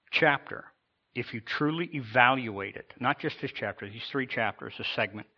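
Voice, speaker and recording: A man's voice: mid-range voice, lo-fi sound. A man preaching a sermon with emphasis, rising and falling in intensity and acting out imagined voices. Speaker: pastor.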